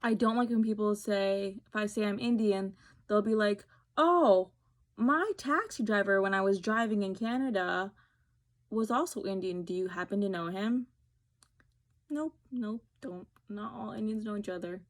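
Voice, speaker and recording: A woman's voice: mid-range voice, moderate pace. A woman from New Jersey, talking to camera in a casual, snarky, sarcastic way and acting out what other people say. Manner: snarky, sarcastic storytelling with quoted voices. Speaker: beauty vlogger.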